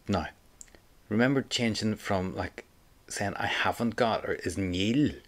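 A man leads a spoken lesson, his voice sitting fairly low. He takes it very slowly, patiently drilling each phrase and leaving gaps for the listener to repeat. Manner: patient, slow drilling with pauses for repetition. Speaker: Irish language teacher. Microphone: close mic, home recording.

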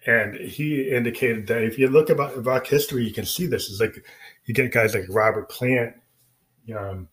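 A man's voice: mid-range voice, normal speed, a bit bright, slight background noise. A man who is a musician, talking casually and rambling about his music with many fillers and restarts. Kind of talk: casual spoken explanation.

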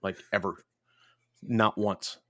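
Low-voiced man swearing through a story. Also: flat delivery, takes it slowly, sharp tone, no room sound, studio quality. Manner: profane, rambling anecdotes. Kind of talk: casual storytelling chat.

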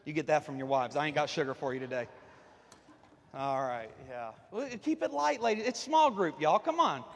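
Man, pastor, high-pitched, folksy and joking in his sermon, church hall with a long echo. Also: lively intonation, normal speed, creaky, slight background noise. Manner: folksy, joking, talks to the congregation. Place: church sanctuary, on the platform.

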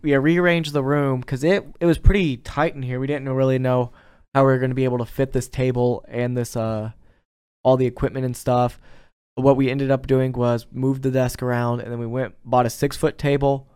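A young man in a college dorm room, hosting a casual podcast and chatting in a relaxed, rambling way. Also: mid-range voice, smooth. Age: young adult. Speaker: podcast host. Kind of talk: casual chat.

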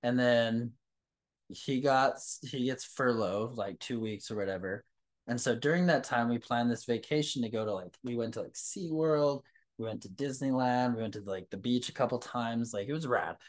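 A man from New Mexico, a teacher, hosting a casual podcast conversation and telling stories in an animated way. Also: medium pitch, moderate pace.

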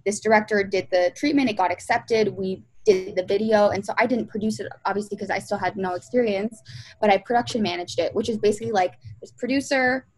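A woman's voice: mid-range voice, brisk, low-quality recording. A young woman, a music video producer, chatting in a casual interview and telling stories with lots of fillers and acted-out quotes. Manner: chatty storyteller, many fillers, acts out quotes.

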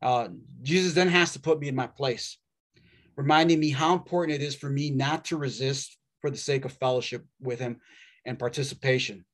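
A man preaching a sermon in a wry, conversational way, with dramatic pauses. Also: mid-range voice, fairly even intonation.

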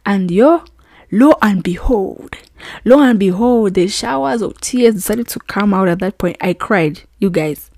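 A woman in her twenties hosting her own podcast, telling a personal story in a casual, animated way and acting out the voices of people she quotes. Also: medium pitch, a little slow, no room sound, clean studio sound. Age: 20s. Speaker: podcast host.

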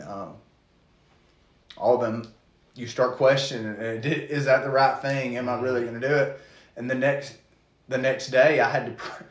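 A man giving an earnest, halting testimony of his call to preach, full of restarts. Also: medium pitch, fairly bright tone, reverberant. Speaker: guest preacher. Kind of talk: testimony in casual conversation.

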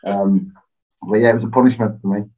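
A man telling stories as an interview guest, relaxed and self-deprecating, laughing often. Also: fairly low pitch, brisk. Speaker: interview guest, former footballer. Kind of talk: casual interview storytelling. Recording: slightly dull lo-fi sound.

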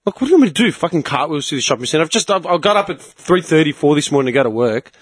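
Homem animado contando histórias com sotaque australiano. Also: male voice, a little high, very fast, breathy edge. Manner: animated storytelling, swearing, acting out other people's lines. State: tired from early work. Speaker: podcast host. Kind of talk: casual podcast chat.

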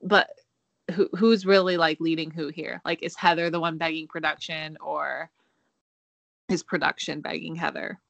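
A young woman muses through a casual podcast chat as co-host. Her voice has a gravelly fry and a bright, tense edge. The sound is close and dry. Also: sits low, flat delivery, normal speed, dry recording.

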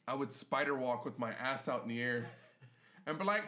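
A man's voice: medium pitch, expressive, a little fast, fairly bright tone. A man co-hosting a podcast in casual chat, telling crude, profane stories and breaking into laughter. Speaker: podcast co-host.

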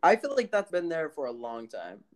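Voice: mid-range voice, sing-song, normal speed. Podcast cohost riffing around, really bouncy up and down voice. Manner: playful, riffing, laughs often. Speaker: podcast co-host. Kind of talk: casual chat.

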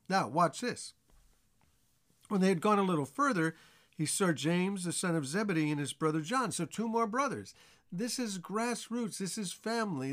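A man teaching a Bible chapter as pastor, with earnest, repetitive emphasis. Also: on the high side.

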